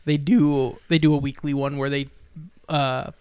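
A man's voice: mid-range voice, little pitch movement, unhurried, a little mellow, clear, resonant tone, no room sound. A man co-hosting a casual podcast chat, easygoing and agreeable, with frequent fillers. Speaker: podcast co-host.

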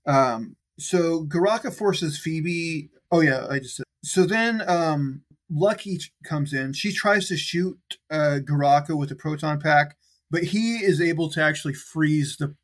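A man with a slightly raised pitch talks through a film plot in casual conversation. He rambles, circles back on himself and leans on fillers as he goes. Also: a little slow. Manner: rambling, lots of "like" and "um" fillers, laughs easily. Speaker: podcast co-host recapping a film. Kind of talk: casual chat.

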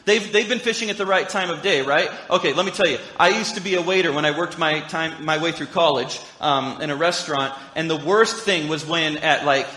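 A man's voice: on the high side, a little fast, few pauses, bright, forceful tone. A man preaching a sermon in a conversational, storytelling way with humorous asides. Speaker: pastor. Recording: echoey hall reverb.

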